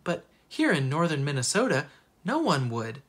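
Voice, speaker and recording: An expressive teacher reads a children's storybook aloud, with pitch that rises and falls freely. The voice has a husky, slightly breathy texture. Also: moderate pace. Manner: expressive, lively narration.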